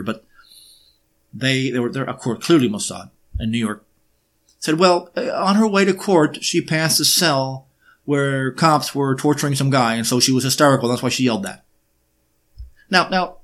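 A man giving a lecture-style monologue, often pausing on fillers and throwing in sarcastic rhetorical questions. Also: medium pitch, a bit bright. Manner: frequent filler hesitations.

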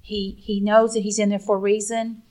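A woman speaking as a guest in an interview, earnest and emotional, halting and restarting as she talks. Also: medium pitch, flat delivery, darkish tone. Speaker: guest, mother of the subject.

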